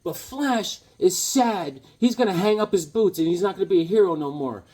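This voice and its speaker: A man doing a high, sad young boy. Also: lively intonation, normal speed, darkish tone. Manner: high, plaintive.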